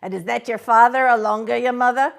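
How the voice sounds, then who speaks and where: A woman reading aloud, voicing a fearsome escaped male convict with a slow, loud, growling menace. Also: a little high, gravelly. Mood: menacing.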